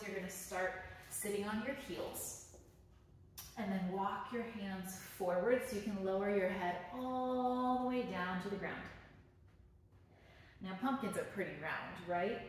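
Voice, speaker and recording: Woman yoga teacher for kids, slow and gentle, heard from a distance in a very echoey room. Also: medium pitch, slight background noise. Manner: gentle, encouraging, playful instructions. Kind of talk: guided children's yoga class.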